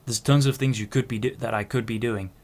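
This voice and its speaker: Medium in pitch and steady in tone, his delivery is brisk. He's a twenty-something podcast host giving a rambling, self-interrupting solo monologue peppered with casual swearing.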